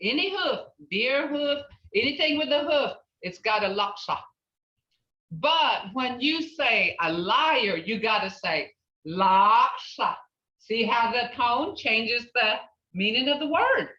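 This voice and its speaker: A woman teaching a language class, patiently repeating words slowly to model pronunciation. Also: a little high, expressive, bright, forceful tone. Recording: roomy, distant, dull lo-fi classroom recording.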